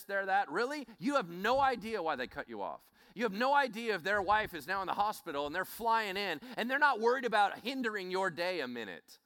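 A man preaching a Bible teaching in an animated way, acting out scenes as he speaks. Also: sits high. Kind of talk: sermon.

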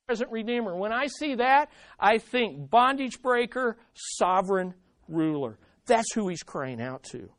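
Pastor, sermon, animated delivery, acts out pleas, middle pitch, dry close sound. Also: no echo.

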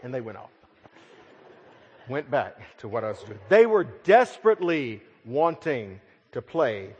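A middle-aged man preaching a sermon, his voice swelling loud and then dropping to a hush. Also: on the low side, slightly rough, dull audio. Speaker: pastor. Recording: long hall reverb.

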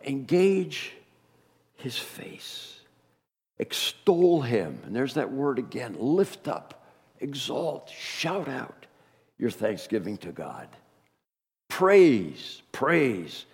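A man preaching a sermon with a head cold, talking in an animated, emphatic way and often restarting his phrases. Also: high voice, vocal fry. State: congested with a cold. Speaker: pastor. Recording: long hall reverb.

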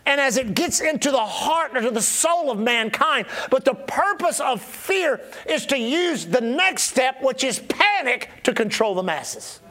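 A middle-aged male pastor preaching a sermon, stressing words through repetition and dropping suddenly to a quiet voice. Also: very high voice.

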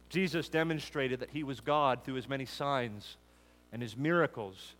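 A man preaching an expository sermon, building emphatic lists that rise and then drop low. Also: moderate pace, a bit bright. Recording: long hall reverb.

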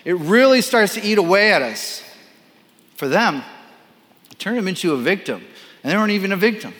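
A man preaching a sermon as a pastor, animated and playful, acting out quoted voices with self-deprecating asides. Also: high voice, brisk, in a large hall.

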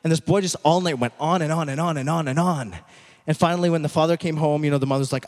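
A man giving a sermon as a pastor, telling a story slowly and emphatically, dropping at times to a near whisper. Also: a little high, fairly even intonation, darkish tone. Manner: dramatic storytelling, slow emphatic pauses, drops to near whisper. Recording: echoey hall.

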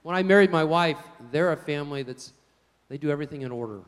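A man preaching a sermon, telling folksy stories in an animated way. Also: on the high side, in a large hall. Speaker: pastor.

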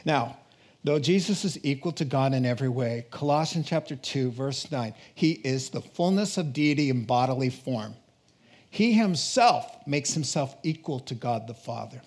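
A male pastor preaching a sermon in a lively way, joking with the congregation and laughing between points. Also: medium pitch, normal speed. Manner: animated, jokes with congregation, laughs often.

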